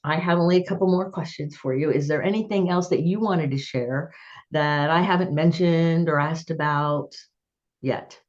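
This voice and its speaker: A woman's voice: sits low, normal speed, muffled recording. A woman hosting a podcast interview, chatting and telling personal stories with frequent laughter. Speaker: podcast host. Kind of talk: conversational interview.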